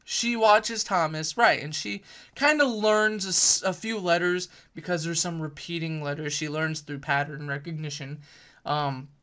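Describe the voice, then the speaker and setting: Bright-voiced young man rambling a book review. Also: on the high side. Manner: rambling, self-correcting, uses fillers.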